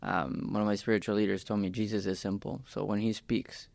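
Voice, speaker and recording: A man's voice: lowish voice, level tone, a little fast, gravelly, darkish tone, no room sound. A man hosting a podcast, chatting casually and asking probing questions in a friendly way. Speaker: podcast host. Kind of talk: casual interview chat.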